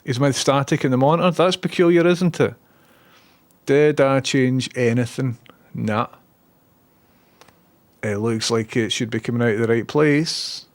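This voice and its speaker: A man's voice: medium pitch, steady tone, unhurried, pauses often, no room sound. A man with a Glaswegian accent streaming casually, swearing and muttering as he fixes his tech. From Scotland. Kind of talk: casual live-stream chat.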